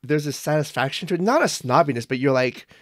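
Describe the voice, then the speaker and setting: A man co-hosting a podcast, speaking in a reflective, measured way. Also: fairly high pitch, expressive, no echo. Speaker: podcast co-host. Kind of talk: casual podcast conversation.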